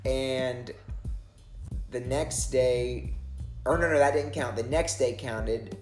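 Woman, casual chat storyteller, rambling and lively when acting out scenes. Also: rumbling low, slow pace, faint music behind.

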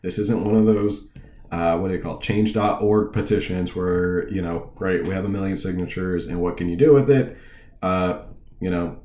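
A man's voice: low-pitched, normal speed, dark tone, roomy sound, a little hiss or hum. A man hosting a political talk show, reading news articles aloud and commenting in an informal, digressive way with sarcastic asides.

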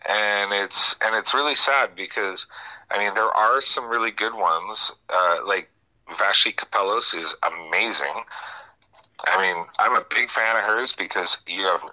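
A man hosting talk radio, speaking in a halting, opinionated way with many restarts. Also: fairly low pitch, sharp tone, low-quality recording. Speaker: radio talk show host.

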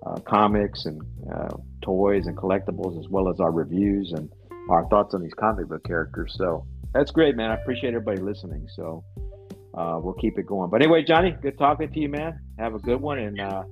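A man's voice: fairly low pitch, a little fast, muffled recording, faint music behind. A man hosting a casual podcast chat, rambling with lots of fillers. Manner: rambling, laid-back, frequent fillers. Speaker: podcast host.

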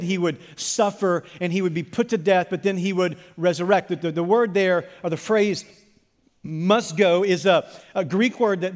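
A male pastor delivers a sermon with a high-pitched voice, pressing his points through repetition and stammered restarts. His words ring out with a long hall reverb behind them.

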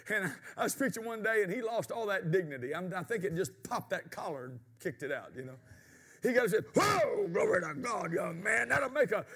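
High, bright-voiced preacher. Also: male voice. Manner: storytelling, shouting exclamations, preaching cadence. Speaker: pastor. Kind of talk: sermon. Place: church sanctuary.

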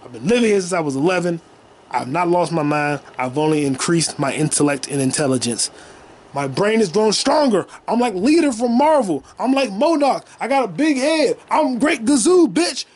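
A man in his twenties hosting a solo comedy podcast from his childhood bedroom, rambling and profane, now and then breaking into loud shouting. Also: high-pitched, expressive, normal speed. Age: 20s. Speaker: podcast host.

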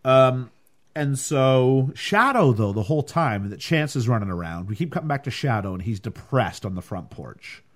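A man co-hosting a casual film podcast, animated and acting out lines from the movie as he recaps it. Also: medium pitch, moderate pace. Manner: animated, acts out quotes, laughs often. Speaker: podcast co-host reviewing a film. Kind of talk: casual chat.

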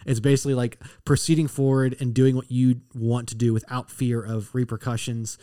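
A man's voice: mid-range voice, flat delivery, moderate pace, dark tone, dry recording. Blunt, profane man on a dry mic. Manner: blunt and profane, mocks with put-on quotes. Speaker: podcast co-host. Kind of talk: casual political chat.

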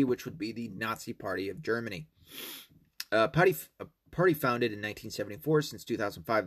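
Profane rambling man, mid-pitched. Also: fairly bright tone, slightly rough. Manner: profane, rambling, many fillers and restarts; reads online comments aloud with mocking asides. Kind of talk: casual monologue.

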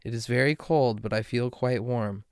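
A man voicing a loyal, gentle little male swallow in a storybook reading, soft and earnest. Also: medium pitch, fairly even intonation, moderate pace, clear, resonant tone, no echo, clean studio sound, lightly acted.

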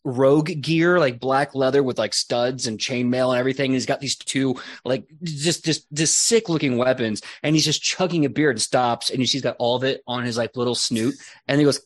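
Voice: medium pitch, brisk, dry recording, studio quality. A game master narrating a tabletop game in a loose, rambling way with lots of fillers.

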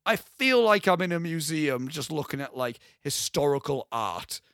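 A young man co-hosting a podcast, talking casually and excitedly about a film, rambling and swearing freely. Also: on the high side, normal speed, smooth, dry recording, clean studio sound. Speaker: podcast co-host.

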